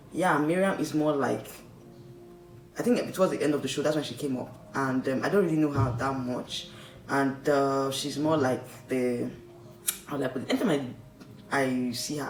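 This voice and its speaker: A man's voice: medium pitch, moderate pace, sharp tone. Chatty Nigerian man, echoey distant mic. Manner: chatty, rambling, keeps tagging "okay?" and "like, seriously". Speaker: vlogger reviewing a reality show. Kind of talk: casual commentary. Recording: echoey room, distant mic, faint noise.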